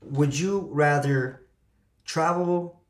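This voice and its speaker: Woman host with a very deep voice, gentle and halting questions, echoey room. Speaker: podcast host. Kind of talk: interview questions. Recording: roomy echo.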